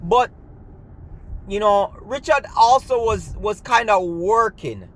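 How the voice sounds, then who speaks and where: Speaking slowly in a high-pitched voice with lively intonation, this gymnastics coach and storyteller shares a personal tale. His Jamaican accent comes through as he chats, blending in patois and frequently asking "you see me?"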